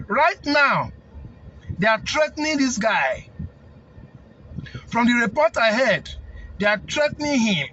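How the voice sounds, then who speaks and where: A man's voice: very high voice, big pitch swings, takes it slowly, pauses often, sharp tone, highs cut off, a little hiss or hum. A man with a Nigerian accent, a snail farming consultant, giving a defiant, preachy rant that repeats phrases for emphasis. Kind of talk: impassioned rant to camera.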